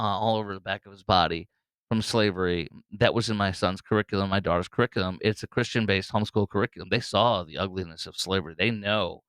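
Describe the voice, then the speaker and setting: A man's voice: lowish voice, fairly bright tone, clear, resonant tone, no room sound. A man hosting a solo political commentary show, talking bluntly and mockingly with frequent fillers and restarts.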